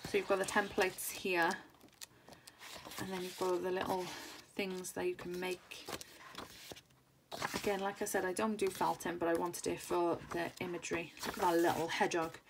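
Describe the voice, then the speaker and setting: A woman's voice: on the low side, little pitch movement, normal speed, creaky. A woman in her thirties chatting casually and enthusiastically through a craft haul, rambling with plenty of fillers. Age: 30s. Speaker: crafting channel host. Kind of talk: casual haul video chat. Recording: noisy home recording.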